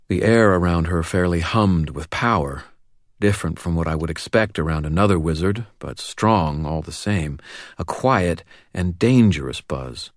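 Low-voiced guy reading an audiobook, wry, swings his pitch a lot. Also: no room sound, clean studio sound. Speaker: audiobook narrator. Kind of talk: first-person audiobook narration.

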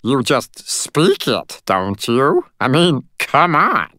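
A man voicing a tiny, fiery male fairy soldier who speaks in a shrill, theatrical, pompous voice. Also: huge pitch swings, takes it slowly, bright, forceful tone, dry recording, studio quality, exaggerated voice. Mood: breezy. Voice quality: shrill, theatrical, like a Shakespearean actor on helium. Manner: indignant, grandly formal.

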